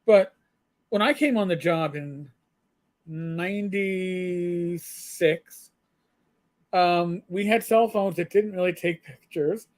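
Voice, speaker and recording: A man's voice: high voice, slow pace, long pauses. A man, a former police sergeant, telling stories in a loose, rambling way with many fillers and blunt swearing. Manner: rambling, frequent fillers and restarts, blunt profanity. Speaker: retired police sergeant, guest. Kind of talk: casual storytelling chat.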